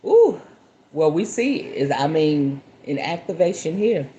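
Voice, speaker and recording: A woman with a low-sitting voice hosts a spiritual podcast, chatting casually at normal speed, laughing often and reading aloud from a book. She's expressive and speaks straight to viewers, though the audio is dull with slight background noise.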